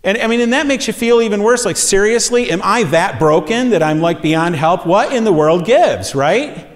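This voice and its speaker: Male pastor, fairly high voice, earnest sermon storyteller, long church reverb. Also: animated, normal speed. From USA. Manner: earnest storytelling, voice rising with emphasis. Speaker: pastor teaching a series. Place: church sanctuary.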